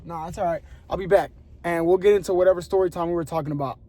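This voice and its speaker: Here the young vlogger's voice is high and his delivery very fast as he shares stories full of slang. He laughs often and stays animated, recording himself by phone in his car before moving into a store.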